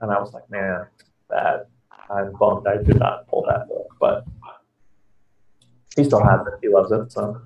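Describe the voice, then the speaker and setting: A man's voice: lowish voice, little pitch movement, a little slow, gravelly, pauses often, a little mellow. A man in casual interview chat, a comics writer guest, rambling through stories with many fillers and restarts. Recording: echoey, distant, dull lo-fi audio.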